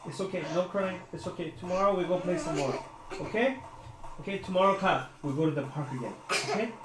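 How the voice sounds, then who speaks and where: A mother gently coaxing a small child to bed, speaking softly and repetitively from across the room, away from the mic. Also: on the low side, fast talker, reverberant, low-quality recording. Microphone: off-mic, at a distance in the room.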